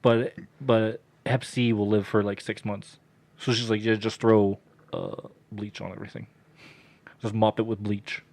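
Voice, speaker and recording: Animated young man telling a wild story. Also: on the low side, unhurried, gravelly. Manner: animated, heavy swearing, voices quoted people loudly. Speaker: podcast co-host telling a story. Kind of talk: casual storytelling chat.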